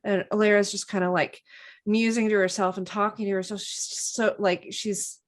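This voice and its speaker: A woman's voice: medium pitch, level tone, normal speed. A woman playing in a tabletop role-playing game, puzzled and thinking aloud with lots of fillers. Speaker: player.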